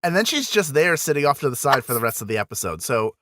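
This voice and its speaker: A man's voice: medium pitch, big pitch swings, fast, bright, forceful tone, no room sound. A man speaking as a guest on a podcast, chatting casually and making wry, dry asides. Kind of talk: casual chat.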